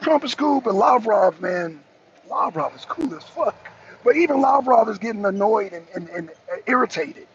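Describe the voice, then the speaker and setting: A man with a strikingly high, gravelly voice rants through casual live commentary, swearing freely and repeating himself. His pitch swings around a lot as he talks from his car. The audio is slightly dull and lo-fi, with faint traffic noise behind him. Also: moderate pace. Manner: profane, animated and repetitive. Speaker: host of a live political talk show.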